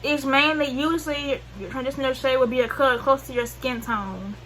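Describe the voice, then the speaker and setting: This beauty vlogger talks briskly in a high-pitched, fairly bright voice with fairly even intonation, her Southern US accent clear through a low-quality recording with slight background noise. Her makeup tutorial wanders and she loses track mid-sentence, with lots of slang and self-corrections.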